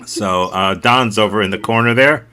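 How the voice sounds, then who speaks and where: A man's voice: on the low side, moderate pace, bright, forceful tone, a little hiss or hum. A man teaching an improv workshop over a video call, joking and self-mocking. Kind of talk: casual workshop talk.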